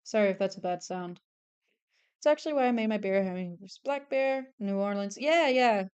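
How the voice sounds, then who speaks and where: Chatty young woman with a smooth voice. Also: medium pitch, normal speed, dull audio. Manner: chatty, excitable, swears freely. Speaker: artist streamer. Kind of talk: casual chat while drawing.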